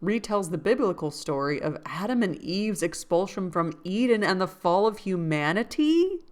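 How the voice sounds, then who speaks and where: A book-club host reads a classic novel aloud in a casual manner, pausing to look things up, laughing to herself and tossing in jokey asides. Her voice is on the low side and expressive, at a normal pace.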